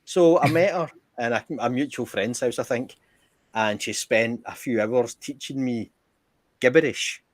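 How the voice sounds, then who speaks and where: A man's voice: medium pitch, unhurried, no echo. Swearing man telling a story. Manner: swears freely, tells anecdotes with acted quotes. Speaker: guest. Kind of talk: casual chat on a live stream.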